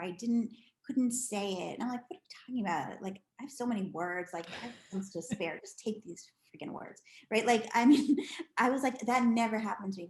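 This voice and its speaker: A middle-aged woman telling stories as a podcast guest, animated and chatty with lots of restarts. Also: medium pitch. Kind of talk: casual storytelling interview. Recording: echoey room.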